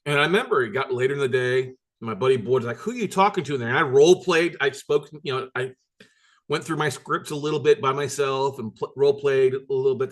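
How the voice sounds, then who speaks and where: Hosting a recorded business workshop, this note-buying coach has a medium pitch and a fairly bright tone. His storytelling is blunt and emphatic, repeating points and including mild swearing.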